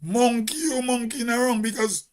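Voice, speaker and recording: Speaking at normal speed in a very high voice, a Grenadian-accented host delivers a forceful opinion monologue. He's big and loud, leaning on rhetorical questions.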